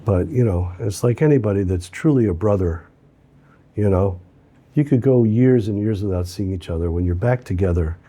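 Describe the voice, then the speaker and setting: A man teaching a lesson through an animated, conversational story. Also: fairly low pitch, normal speed, breathy edge.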